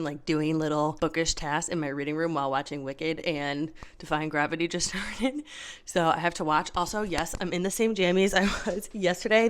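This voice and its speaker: A woman's voice: on the low side, fairly bright tone, smooth. A young woman vlogging at home about her reading, chatty and casual, swearing freely and laughing often. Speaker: book vlogger. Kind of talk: casual reading vlog chat.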